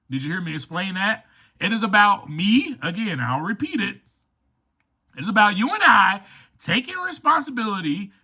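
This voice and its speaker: A man hosting a recovery podcast, talking in an emphatic, preachy monologue and acting out quoted voices. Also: sits high. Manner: animated, acts out quoted voices. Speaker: podcast host.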